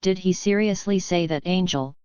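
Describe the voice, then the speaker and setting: A woman's voice: fairly low pitch, normal speed, a little mellow, smooth, no echo, dull audio, natural voice. Woman reading a serious scheming corporate boss. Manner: serious, clipped.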